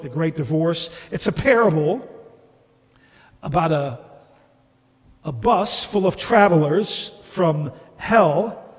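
A man's voice: fairly high pitch, in a large hall. A man preaching a sermon as a pastor, earnestly posing rhetorical questions to the congregation.

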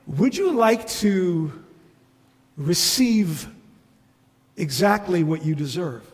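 Slow, earnest preacher in a reverberant hall. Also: male voice, a little high. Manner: earnest, rhetorical questioning. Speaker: pastor. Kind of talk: sermon.

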